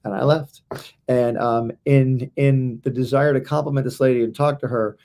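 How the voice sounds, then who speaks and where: Gravelly man telling a faith story. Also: medium pitch, fairly even intonation, moderate pace, mellow. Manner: rambling anecdotal telling with fillers. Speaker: co-host of a Christian talk stream. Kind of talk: casual faith talk and storytelling.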